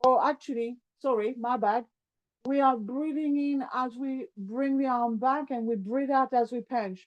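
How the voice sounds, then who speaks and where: A woman teaching a yoga class, calmly talking students through breathing and movements as she demonstrates. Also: on the high side, normal speed, lo-fi sound. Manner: calm, step-by-step guiding, demonstrating while talking. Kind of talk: guided yoga class instruction.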